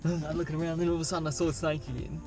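A man's voice: fairly high pitch, rapid-fire, over music. A young man telling a rambling, profane dream story to a friend in casual chat. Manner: rambling, profane, animated retelling full of "like".

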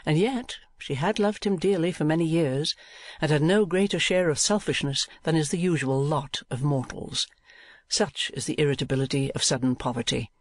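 Male audiobook narrator, measured reading, fairly high pitch, dry booth sound. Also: dry recording. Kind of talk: scripted narration.

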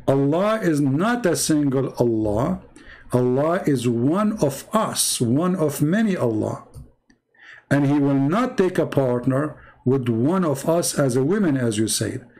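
Here the host sounds medium in pitch, animated, and measured, with a darkish tone. A native Arabic speaker from the Middle East, he streams live in Arabic-accented English, mocking his opponent sarcastically in broken grammar.

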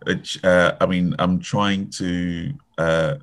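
A man who teaches improv, speaking on an online panel in a measured, hesitant way. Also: low-pitched, level tone.

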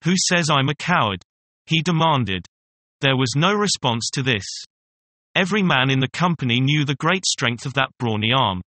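A man reading a story aloud in a steady, measured storybook narration. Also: medium pitch, dry recording. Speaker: story reader.

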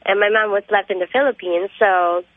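A young woman in her twenties calling a radio show while sick, talking in an excited, rambling, giggly way. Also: mid-range voice, fairly quick, no room sound. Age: 20s. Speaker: caller. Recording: tinny phone line.

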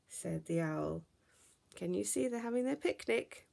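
A woman teacher reading a picture book aloud for story time, slow, gentle and expressive. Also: mid-range voice, vocal fry.

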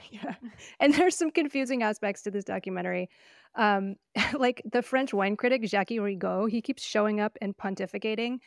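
A woman's voice: medium pitch, normal speed, no echo, clean studio sound. A woman co-hosting a wine podcast, chatting in an opinionated, casual way with frequent fillers and laughs. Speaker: podcast co-host. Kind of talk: casual chat. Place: living in Oregon.

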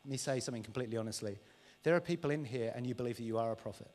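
A man's voice: mid-range voice, racing. A man preaching a live sermon in a church, candid and conversational, who acts out lines in an overexcited voice. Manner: animated, acts out dialogues with a mocking overexcited voice. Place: large church hall. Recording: church hall reverb, live stream.

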